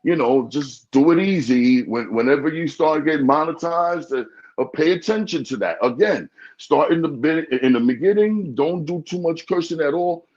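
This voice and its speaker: A man chatting casually in an interview, animated, often stammering and repeating words. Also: on the high side, normal speed. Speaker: podcast host being interviewed. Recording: dull lo-fi sound.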